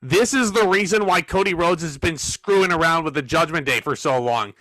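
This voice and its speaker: Man, podcast host, higher voice, dry close sound, chatty and sarcastic. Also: brisk, fairly bright tone, dry recording. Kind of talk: casual wrestling review chat.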